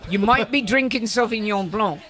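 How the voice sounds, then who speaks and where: A woman's voice: a little high, moderate pace, fairly bright tone. An older woman hosting a podcast, teasing and blunt with her guests in casual banter. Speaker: podcast host.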